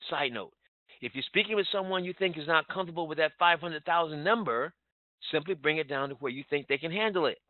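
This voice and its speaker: A man's voice: a little high, no room sound. Urgent, emphatic male motivational trainer; dry, phone-quality sound. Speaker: sales trainer. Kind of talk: motivational business training talk. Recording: tinny phone-like line, dry.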